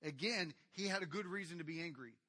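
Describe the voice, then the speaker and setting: A man preaching a sermon to his congregation, addressing them directly and swinging from quiet asides to loud, animated retellings. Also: a little high, quick pace. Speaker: pastor.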